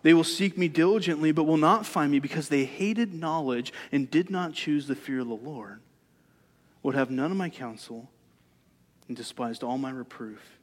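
A man's voice: on the high side, normal speed. Man preaching in a reverberant hall. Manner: conversational preaching with rhetorical questions. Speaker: pastor. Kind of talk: sermon.

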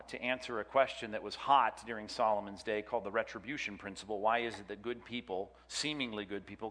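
Teacher, man, bright chatty delivery, quizzes the room, long hall echo. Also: mid-range voice. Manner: chatty, jokey, quizzes the class. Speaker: Bible teacher. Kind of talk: classroom lecture with audience questions.

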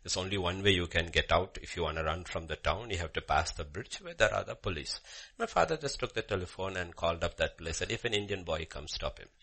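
A man preaching a sermon with a personal story, swinging from loud emphasis to hushed murmurs. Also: low-pitched, lively intonation, fast talker, gravelly, hardly any pauses, husky. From Bhutan.

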